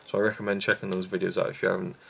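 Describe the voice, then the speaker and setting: Racing along in a completely flat, low, gravelly voice, a young man chats in a vlog about the films he loves, with a little hiss or hum behind him. The YouTube reviewer rambles, runs himself down, and restarts often with many fillers.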